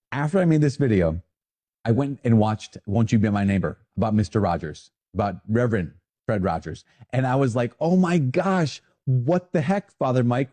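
A man, a priest, talking casually and animatedly to viewers in a video, quick to poke fun at himself. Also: on the low side. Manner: animated, self-deprecating, talks to the viewer.

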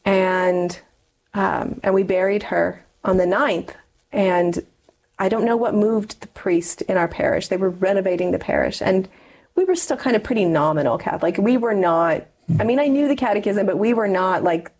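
A woman's voice: mid-range voice, moderate pace, a little mellow, rough recording. A middle-aged woman, a guest in an interview, telling a personal story earnestly, with many fillers and restarts.

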